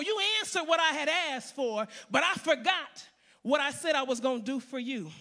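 A woman preaching a sermon, emphatic, repeating phrases and building to shouts. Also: high voice, lively intonation, moderate pace.

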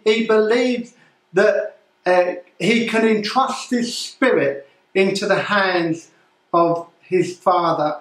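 Staging his sermon as a live news report, a male pastor preaches gravely, often halting and starting over. His voice is high for a man and fairly bright, and he moves at a slow, deliberate pace. A noticeable room echo colors the sound.

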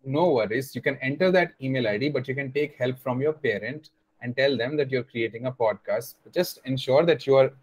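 A man's voice: medium pitch, brisk, highs cut off. Patient young man teaching on a video call. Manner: explaining patiently, repeating points, many fillers. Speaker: online class instructor.

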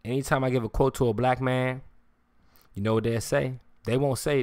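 Fairly even in intonation and speaking at normal speed, a man with a medium, darkish voice rants profanely and combatively on a live stream. He repeats himself and presses listeners with questions, insisting "you hear me."

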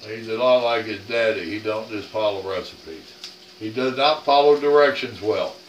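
A man's voice: fairly low pitch, normal speed, slight background noise. An older man hosting a home cooking vlog, chatting in a rambling, folksy, plain-spoken way. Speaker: cooking channel host. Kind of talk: casual cooking vlog chat. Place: home kitchen. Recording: roomy kitchen sound, camera off at a distance.

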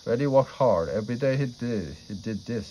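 A man reading a children's storybook aloud in a plain, steady manner. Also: mid-range voice, moderate pace, lo-fi sound, a little hiss or hum. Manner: plain, steady read-aloud delivery with small slips. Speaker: storybook reader.

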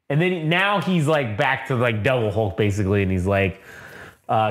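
A man's voice: mid-range voice, fairly quick. A man casually recapping a comic book for a podcast, rambling, swearing freely and reading the characters' lines aloud with lots of filler words. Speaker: podcast co-host.

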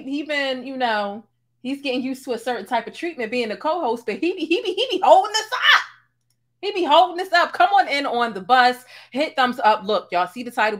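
A woman's voice: medium pitch, fairly bright tone. A woman hosting a casual live-stream commentary, talking to viewers in an emphatic, slangy way. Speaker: host of a commentary livestream.

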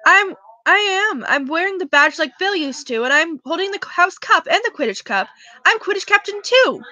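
A woman voicing an excitable eleven-year-old boy in a home audiobook reading, speaking quickly and a little whiny. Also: very high voice, pitched above the performer's own voice, full character voice. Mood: excited. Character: eager freckled boy, eleven, excitable and boastful.

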